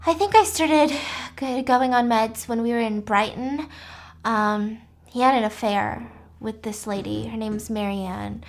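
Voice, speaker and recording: A woman voicing a sleepy, fragile wife in a hushed, subdued manner, in a casual retelling. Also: fairly high pitch, measured pace. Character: drowsy, sedated fragile wife, adult woman.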